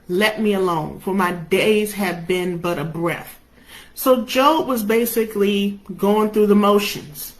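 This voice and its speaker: A woman's voice: medium pitch, fairly bright tone, rough recording. A young adult woman preaching a sermon, impassioned, her delivery rising and falling with emotion.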